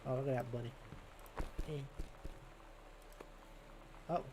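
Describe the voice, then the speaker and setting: A man streaming a game who chats playfully, laughs often, and reads the in-game story aloud in a halting way. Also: medium pitch, steady tone, background noise. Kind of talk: casual gameplay chat and reading aloud.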